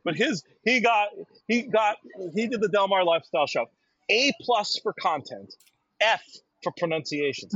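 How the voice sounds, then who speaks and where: A man's voice: sits high, animated, moderate pace, a bit bright, slightly rough, dry recording. A man co-hosting a horse racing talk, bantering and breaking down picks. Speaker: racing podcast co-host. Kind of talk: casual analysis chat. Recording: dry, dull lo-fi sound.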